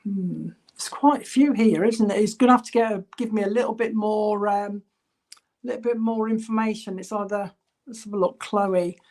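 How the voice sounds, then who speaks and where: A woman working as a spiritualist medium in an online church service, passing on spirit messages in a halting, chatty way and addressing viewers by name. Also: medium pitch, steady tone, a little mellow. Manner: halting, relays spirit messages with many ums. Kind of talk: online church clairvoyance reading.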